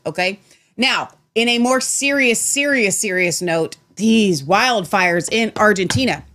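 Casting note: chatty woman co-host, rambling, animated, now and then muttering low. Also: a little slow. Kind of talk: casual political chat show.

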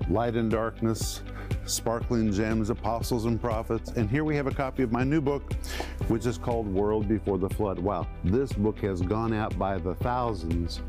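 A man hosting his ministry, giving an enthusiastic, conversational promotional talk to the camera. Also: medium pitch. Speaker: ministry host. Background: music.

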